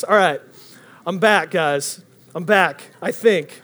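A young man preaching a casual storytelling sermon, animated and rambling, often breaking off mid-sentence. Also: high voice, slow. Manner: animated, rambling, self-interrupting.

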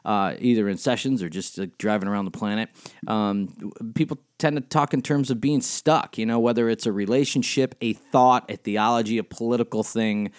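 A middle-aged man with a lowish voice chats on his podcast in a rambling, relaxed way. He fills gaps with "uh" and "man" and laughs easily. The sound is close and dry, with no room around it. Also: fairly quick, no room sound. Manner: rambling, chatty, many fillers, laughs easily. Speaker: spiritual director and life coach. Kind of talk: casual solo podcast talk. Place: home studio at a computer, typing heard.

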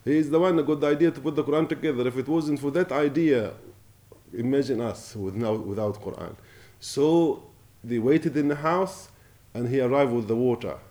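Impassioned preacher, man, mellow voice. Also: mid-range voice. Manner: impassioned, rising and falling, recites Arabic quickly. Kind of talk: Ramadan sermon.

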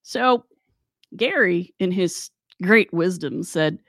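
A woman telling a work story in a chatty, wry, animated way. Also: sits low, unhurried, creaky, no echo, studio quality. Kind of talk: casual storytelling.

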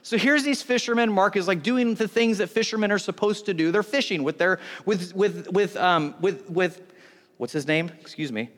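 A man's voice: high voice, moderate pace, fairly bright tone. A man in his thirties preaching a sermon as a pastor, conversational and joking, often breaking off mid-sentence. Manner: conversational, joking, self-interrupting. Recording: long hall reverb.

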